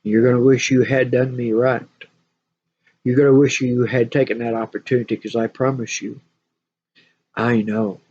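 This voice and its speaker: A woman's voice: very deep voice, level tone, normal speed, long pauses, mellow, husky, lo-fi sound. A woman ranting to camera in a vlog, scolding and preachy, repeating her points in emphatic bursts. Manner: repeats phrases, talks in bursts. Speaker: spiritual vlogger. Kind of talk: monologue rant to camera.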